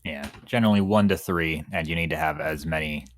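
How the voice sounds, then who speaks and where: A man's voice: very deep voice, a little fast. A man playing in a tabletop game, adding brief, matter-of-fact remarks about the rules in casual chat. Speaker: player.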